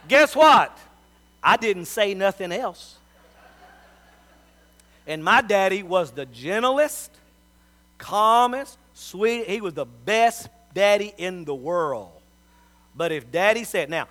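A man's voice: high voice, a bit bright. A middle-aged man, preaching a sermon as a pastor and telling folksy stories.

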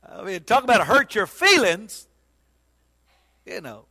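Casting: man preaching a sermon, bright forceful tone, lively folksy storytelling. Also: high-pitched, a little slow, long pauses. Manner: animated, folksy storytelling with sudden loud bursts. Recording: long hall reverb.

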